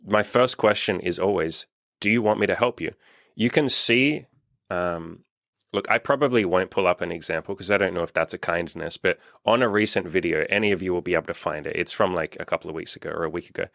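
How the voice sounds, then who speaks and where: A man's voice: low-pitched, a little fast, creaky, a bit bright, no room sound, studio quality. A young man who works as a dating coach, talking bluntly and swearing freely in a casual podcast chat, acting out quotes in a raised voice. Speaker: dating coach and channel host.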